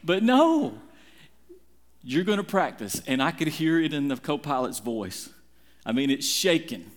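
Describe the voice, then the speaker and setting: A middle-aged man preaching a sermon, telling a story with dramatic, animated swings in his voice. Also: normal speed. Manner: animated, dramatic retelling with big swings in pitch. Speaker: pastor.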